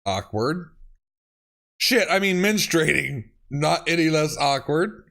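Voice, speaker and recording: A man's voice, slightly high, creaky, and sharp in tone, reads comical texts at a slow pace with lively intonation. He's a YouTuber covering autocorrect fails who laughs often and delivers lines with swearing and exclamations.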